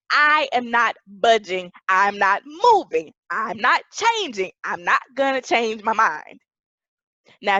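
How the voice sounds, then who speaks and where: High, animated woman preaching. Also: no echo, highs cut off. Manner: emphatic, rising to shouts. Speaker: pastor. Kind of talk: sermon.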